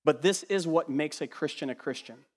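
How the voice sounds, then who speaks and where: A man preaching a sermon in an animated, emphatic way, repeating words as he builds a point and dropping to quiet asides. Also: fairly high pitch, normal speed, big-room sound. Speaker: pastor.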